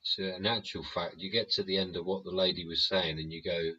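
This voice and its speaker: A man's voice: low voice, steady tone, a little fast, hardly any pauses, bright, forceful tone, breathy edge, dull audio. A man hosting a live stream, ranting bluntly and rambling with plenty of swearing. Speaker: livestream host.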